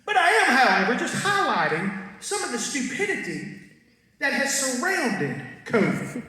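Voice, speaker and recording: His pitch is extremely high and swings widely as the comedian, at a normal pace, delivers folksy stories, punchlines and audience asides in a bright, forceful tone. Captured from the back of an echoey, crowded concert hall via a faraway stage mic, with slight background noise.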